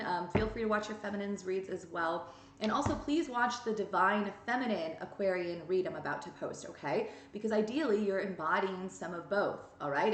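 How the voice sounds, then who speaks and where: A woman's voice: mid-range voice, a little hiss or hum. Blunt woman tarot reader, echoey room. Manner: blunt, scolding, emphatic. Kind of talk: direct-to-camera tarot reading. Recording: echoey room with faint ambience.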